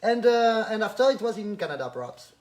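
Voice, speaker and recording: Man, high voice, live-stream host, chatty, greets viewers. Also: very animated, fairly quick. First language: French.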